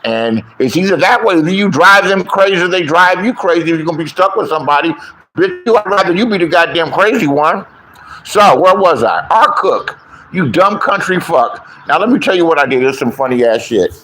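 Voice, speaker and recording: A man's voice: on the high side, lively intonation, normal speed, pushed and bright, slight background noise. A middle-aged man ranting in a crude, boastful storytelling style, acting out other people's lines in mocking voices. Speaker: online commentator, self-styled comedian and troll. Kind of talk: profane storytelling rant.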